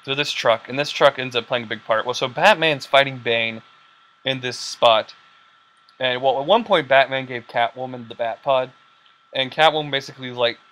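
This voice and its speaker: A young man hosting a casual podcast, rambling excitedly with lots of fillers and quoted lines. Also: medium pitch, normal speed. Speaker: podcast host. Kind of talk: casual chat.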